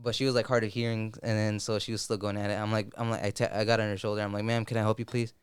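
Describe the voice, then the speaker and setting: Young man rambling in slang, crisp voice. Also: fairly low pitch, little pitch movement, racing, dry recording, studio quality. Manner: rambling, full of likes and slang. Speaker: podcast host. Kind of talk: casual chat.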